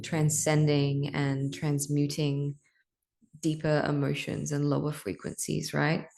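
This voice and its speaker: A woman's voice: low voice, vocal fry, a little mellow. A young adult woman hosting a podcast, talking candidly and emotionally about her spiritual path, swearing casually and laughing often. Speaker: podcast host.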